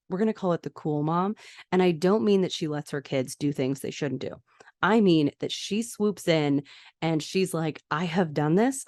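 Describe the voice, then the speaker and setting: A woman's voice: on the low side, darkish tone, dry recording, studio quality. A young woman hosting a podcast, casually recapping a TV episode and acting out the characters' lines as she goes. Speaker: podcast host.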